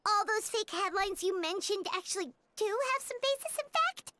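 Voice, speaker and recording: A woman voicing a tiny, excitable fairy companion who talks about herself in the third person, with game music behind her. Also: extremely high pitch, normal speed, very noisy. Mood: indignant.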